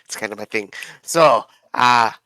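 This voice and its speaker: A man's voice: mid-range voice, a little slow, pushed and bright. A man recapping a tabletop game session in a rambling, profane, casual way, often fumbling names.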